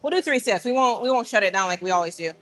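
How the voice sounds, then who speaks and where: A woman hosting a casual livestream from a gym, talking straight to her viewers in an animated, rambling way. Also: mid-range voice, rapid-fire. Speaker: livestream host. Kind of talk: casual live-stream chat.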